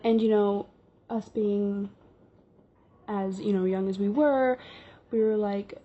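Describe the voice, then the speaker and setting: Woman vlogger for casual story-time narration: rambling and filler-heavy, warm low tone, muffled home recording. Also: steady tone, takes it slowly, long pauses. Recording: dull lo-fi recording.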